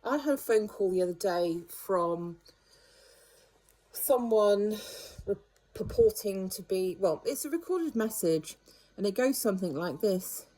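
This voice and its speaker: Chatty older woman, mellow voice. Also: medium pitch, expressive, unhurried, rough recording. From United Kingdom. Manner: chatty and wry, rambling asides. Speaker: vlogger. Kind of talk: casual monologue.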